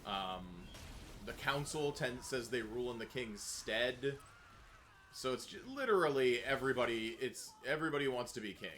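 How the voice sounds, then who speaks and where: Bright-voiced man chatting over a game. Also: medium pitch, expressive, normal speed, slight background noise. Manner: wry, explains game lore at length. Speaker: streamer playing a game. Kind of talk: casual gaming chat.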